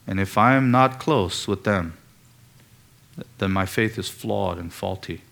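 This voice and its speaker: A man's voice: fairly low pitch, unhurried, gravelly, fairly bright tone. A man preaching an expository sermon, asking the congregation pointed rhetorical questions and pressing on key words.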